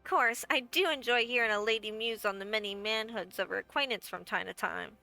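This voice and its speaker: A woman's voice: a little high, a little fast, vocal fry, bright, forceful tone, soft background music. A woman voicing a brassy, folksy little guildmaster and innkeeper in a game, with a wry storytelling manner. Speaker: game character. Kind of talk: game voice acting.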